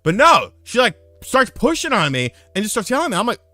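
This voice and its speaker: A man casually telling a profane story on a live stream, getting loud and heated when he retells a fight. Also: high-pitched, wildly swooping pitch, fast talker, no room sound, faint music behind. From lived in North Carolina.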